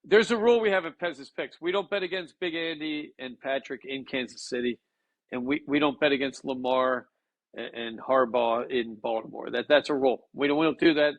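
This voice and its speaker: A man co-hosting a casual sports betting chat, talking excitably with frequent stammered restarts. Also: medium pitch, a little fast, dry recording, highs cut off.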